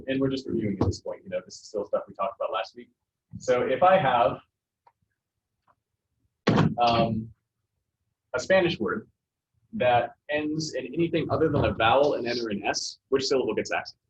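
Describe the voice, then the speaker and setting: A male teacher talks his class through Spanish pronunciation, pausing often with ums and uhs. The recording is dull and lo-fi, with a faint hiss. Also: medium pitch. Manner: relaxed, halting explanations with many fillers. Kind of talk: classroom lesson.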